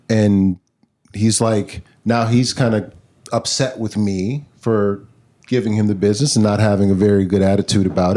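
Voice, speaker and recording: A man, a podcast guest, retelling a personal story in a lively, casual way. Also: lowish voice. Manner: animated, vivid retelling.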